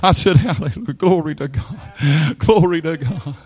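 A male preacher delivers a rousing sermon in a notably high voice. He swings from slow, hushed stretches to loud, rising shouts and leads the congregation in call and response. The recording sounds dull and lo-fi. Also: husky. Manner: calls on the congregation to repeat and respond. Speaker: pastor.

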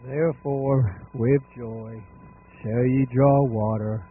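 A man in a congregation reading a scripture verse aloud in a slow, measured way. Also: mid-range voice, fairly even intonation, phone-quality sound, slight background noise.

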